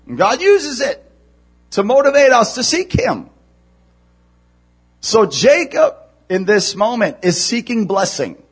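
A male pastor delivers a sermon in a high, husky voice with very lively pitch. He drops to hushed, low stretches and then climbs to near-shouted emphasis. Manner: animated, swings from hushed to shouting.

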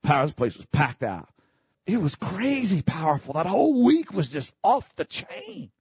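A man preaching a sermon in a church, fervently, breaking into shouts and calling for the congregation to answer him. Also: sits high, huge pitch swings, unhurried, breathy edge. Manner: fervent preaching, bursts into shouts, call-and-response. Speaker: pastor.

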